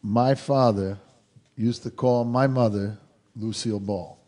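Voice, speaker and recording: A man hosting a talk show, telling a family story in an animated way and laughing as he goes. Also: mid-range voice, a little slow. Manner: lively, laughs through his stories. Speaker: host.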